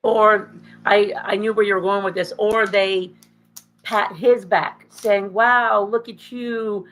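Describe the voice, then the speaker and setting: Woman podcast co-host, casual chat, lively sarcastic storyteller, middle pitch. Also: slow, low-quality recording.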